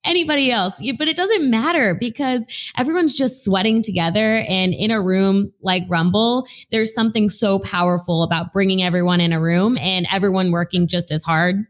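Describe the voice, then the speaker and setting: Woman, podcast host, chatty, enthusiastic, mid-pitched voice. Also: moderate pace, few pauses. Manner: chatty, enthusiastic, uses fillers like "like" and "you know". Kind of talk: casual interview chat.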